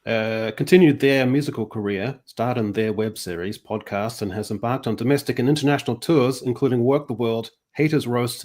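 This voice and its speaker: A man's voice: mid-range voice, brisk, a little mellow. A man hosting a livestream, chatting casually with a sarcastic, rambling delivery. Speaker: host.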